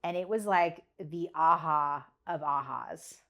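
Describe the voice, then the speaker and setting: A woman with a somewhat low voice tells her own story as a podcast guest. She speaks candidly and earnestly about her struggles and leans on repeated phrases for emphasis. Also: takes it slowly, bright, forceful tone. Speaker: podcast guest, business leader.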